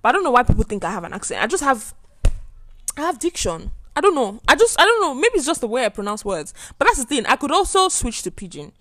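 A woman's voice: sits high, sing-song, fast, a bit bright. A young woman, chatting emphatically on her solo podcast from a bedroom at home. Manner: chatty, emphatic, repeats herself. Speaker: podcast host. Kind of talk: casual solo podcast chat.

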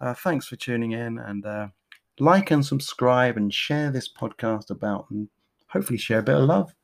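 A woman's voice: rumbling low, animated, normal speed, gravelly. A woman hosting a podcast, chatting casually in a rambling, jokey, self-mocking way. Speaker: podcast host. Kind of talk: casual chat.

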